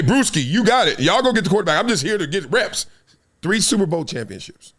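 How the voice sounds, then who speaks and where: A middle-aged man hosting a sports talk show, telling stories in an animated monologue and acting out quotes and sound effects. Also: high-pitched. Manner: lively storytelling, acts out quotes and sound effects. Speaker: show host, former NFL player.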